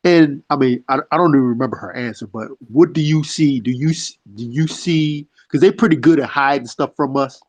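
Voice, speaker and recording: A man's voice: mid-range voice, fairly quick, hardly any pauses, darkish tone, dry recording. A man asking a question in a casual chat, hesitant and full of fillers. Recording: dry, lo-fi online audio.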